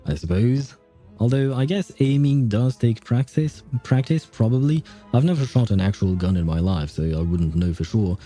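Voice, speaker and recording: A man's voice: lowish voice, husky. A man streaming a game, reading its lines aloud and chatting loosely with many fillers. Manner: relaxed, rambling commentary with frequent fillers.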